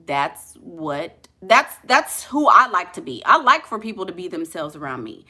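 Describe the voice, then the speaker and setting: A woman's voice: lowish voice, very animated, moderate pace, bright, forceful tone. A woman with a New Orleans accent giving blunt, sassy relationship advice in a casual, colloquial way. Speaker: relationship coach.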